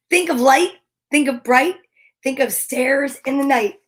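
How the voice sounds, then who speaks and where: A woman with a high, bright voice gives a comic read-aloud of a rhyming picture book. She reads in a sing-song lilt and keeps dropping into hushed, nervous side remarks between the verses. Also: slow. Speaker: comedian reading a children's book aloud.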